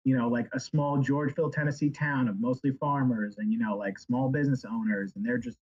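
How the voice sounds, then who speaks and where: A man who is a guest author, chatting in a rambling, animated way and slipping into silly impressions. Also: mid-range voice, fairly quick, husky, muffled recording. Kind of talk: casual chat.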